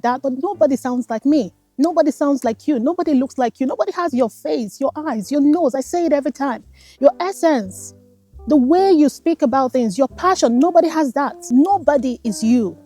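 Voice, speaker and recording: Nigerian woman coach, earnest motivational vlog, mellow, faint guitar bed. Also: sits high, fairly quick, no echo. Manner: earnest, repetitive, animated, addresses listener as darling. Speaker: life coach. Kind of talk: casual motivational talk to camera. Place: garden, outdoors.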